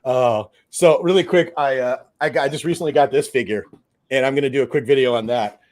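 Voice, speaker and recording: A man hosting a live stream, loud and joking, laughing often. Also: medium pitch, fairly quick. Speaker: livestream host. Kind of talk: casual live stream chat.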